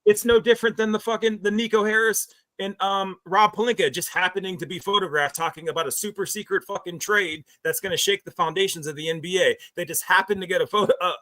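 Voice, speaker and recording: Bright, high-voiced man ranting. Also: fairly even intonation, fast talker, hardly any pauses. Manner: emphatic, profane ranting. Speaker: panelist. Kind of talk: heated casual sports chat.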